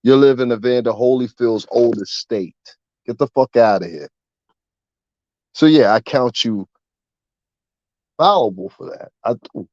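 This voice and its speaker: A man talking straight to camera in a profane, rambling rant about the music industry, getting louder and more animated as he goes. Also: mid-range voice, a little slow, pauses often, no room sound, dull audio. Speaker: vlogger. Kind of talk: ranting commentary.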